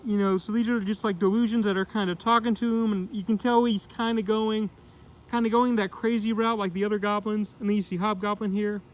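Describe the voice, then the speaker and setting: High-voiced man rambling casually. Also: level tone, fairly quick, rough recording. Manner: rambling, heavy use of "like" and "kinda". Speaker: comic book reviewer. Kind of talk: casual spoken review.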